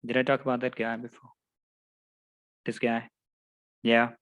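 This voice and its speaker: A man's voice: medium pitch, monotone, measured pace, fairly bright tone, clear, resonant tone, no room sound, low-quality recording. Middle-aged man lecturing with anecdotes. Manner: anecdotal, tags sentences with "right?". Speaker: project management instructor. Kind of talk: storytelling lecture.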